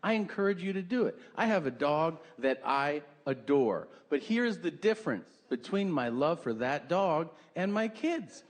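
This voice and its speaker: Profane stand-up comic in a club. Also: male voice, fairly high pitch, very animated, measured pace, hardly any pauses. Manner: profane, exaggerated storytelling with acted-out quotes. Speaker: stand-up comedian. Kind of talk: stand-up comedy set. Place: comedy club stage with live audience. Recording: live club recording with crowd noise.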